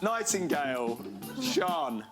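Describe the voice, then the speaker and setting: A man's voice: high-pitched, huge pitch swings, slow, vocal fry, loud music behind the voice. A man on a game show, speaking with exasperated banter.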